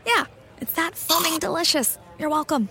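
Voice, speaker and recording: A woman's voice: extremely high pitch, normal speed, sharp tone, soft background music. A woman playing a friendly young barista in a commercial, chatty and confiding. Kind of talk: scripted commercial acting.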